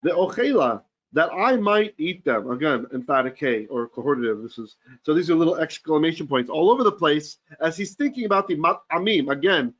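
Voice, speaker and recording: A man, a rabbi, teaching a Torah portion in an informal online class. He chants Hebrew verses, translates them in casual, joking talk, and often clears his throat. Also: a little high, animated, a little fast.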